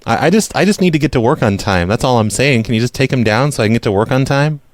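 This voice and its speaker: A man's voice: mid-range voice, lively intonation, fast, no room sound. A man hosting a radio show, making prank phone calls and talking in a mock-innocent, apologetic way. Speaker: prank call radio host.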